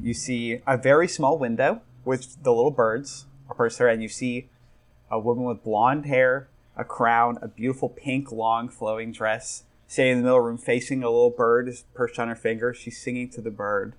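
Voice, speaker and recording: A young man describing scenes as game master, loose and chatty with plenty of "like" and "um". His voice sits at an ordinary, middle pitch for a man, and he talks casually rather than performing. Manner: casual, rambling with many fillers. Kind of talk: narrating a tabletop game.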